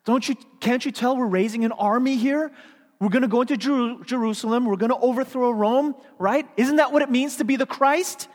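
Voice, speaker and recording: A man voicing an impetuous male disciple who argues loudly and insistently, firing off rapid questions, in a hall with long reverb. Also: on the high side, natural voice. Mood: agitated.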